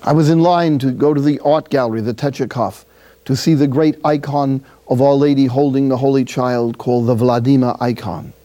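A friar from City, preaching a sermon through a lively personal story with acted-out dialogue. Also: male voice, medium pitch, moderate pace. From Jersey City, New Jersey.

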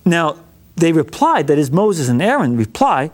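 A male teacher leads an informal Bible lesson in a folksy manner full of jokey asides. His voice sits high and his intonation swings widely, keeping the delivery animated. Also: moderate pace.

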